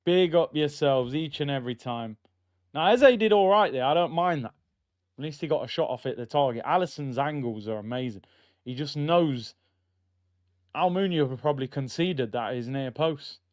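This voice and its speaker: A young man streams a football watchalong, chatting casually, reading out viewer messages and shouting when a chance comes. His voice sits a little high and comes through smooth and clear. The recording is dry and a touch dull. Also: animated, normal speed, dry recording. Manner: casual, reacts loudly to chances, reads out chat. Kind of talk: live football watchalong commentary. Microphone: streaming mic.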